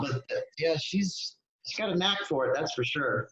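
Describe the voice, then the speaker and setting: A man speaking as a guest on a podcast, in a halting way that often breaks off. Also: a little high, steady tone. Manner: halting, self-interrupting. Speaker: guest in recovery. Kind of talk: podcast interview. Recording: echoey room, dull lo-fi sound.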